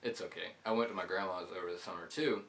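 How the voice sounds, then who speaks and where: Low-voiced man rambling over gameplay. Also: fairly even intonation, fast, a bit bright, a little hiss or hum. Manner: rambling, loose storytelling with many "like"s. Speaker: gaming channel host. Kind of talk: casual storytelling over gameplay commentary.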